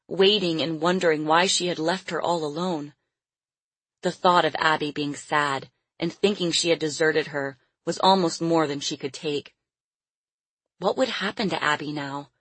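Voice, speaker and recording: A woman reading a novel aloud as a narrator in measured storytelling. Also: low voice, steady tone, fairly bright tone, slightly rough, no room sound. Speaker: audiobook narrator. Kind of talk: scripted narration.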